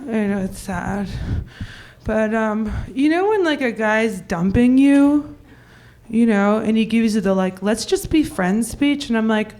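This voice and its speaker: High-voiced woman doing stand-up. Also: lively intonation, slow, pauses often, a little mellow. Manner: ditzy, rambling storytelling with acted quotes. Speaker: stand-up comedian. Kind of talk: stand-up routine.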